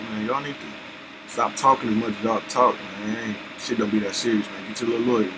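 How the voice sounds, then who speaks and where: A man hosting a reaction video, talking loud and slangy as he argues back at the clip. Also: lowish voice, quick pace, noisy background. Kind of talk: casual reaction commentary.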